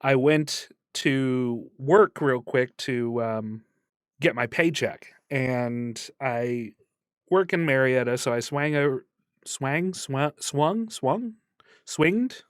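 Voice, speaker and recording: A man's voice: mid-range voice, slow, clear, resonant tone, dry recording, clean studio sound. A man co-hosting a podcast, rambling through stories in a playful way and laughing often. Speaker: podcast co-host. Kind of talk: casual late-night chat.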